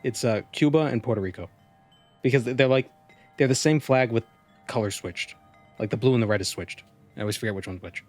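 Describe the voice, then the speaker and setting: A man's voice: mid-range voice, brisk, darkish tone, soft background music. Rambling male game streamer. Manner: rambling, self-correcting, amused. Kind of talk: casual gameplay commentary.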